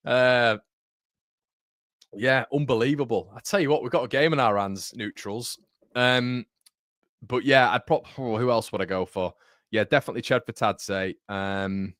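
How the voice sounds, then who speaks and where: A man's voice: mid-range voice, measured pace, long pauses, a bit bright, dry recording, clean studio sound. A young man from England, hosting a live football watchalong in a chatty, blokey way full of "mate" and "um". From North East England. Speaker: fan channel host. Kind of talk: live watchalong commentary and chat.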